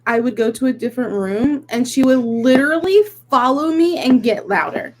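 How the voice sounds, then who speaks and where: A woman's voice: high voice, normal speed, rough recording. Young woman venting in casual podcast chat. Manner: venting, animated storytelling with many "like"s. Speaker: podcast co-host.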